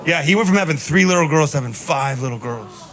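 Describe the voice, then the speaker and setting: A man in his thirties doing a stand-up comedy set on a club stage, telling stories in a deadpan way with punchy asides. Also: on the high side, fast talker. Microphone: handheld stage mic. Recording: live club recording with noise. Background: audience laughter.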